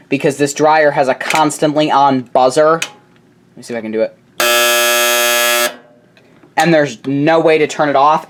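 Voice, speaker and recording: A man chatting casually while filming at home, narrating in a rambling way with quick asides and self-corrections. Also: a little high. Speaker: appliance video creator. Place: home laundry area. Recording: noisy home camera recording.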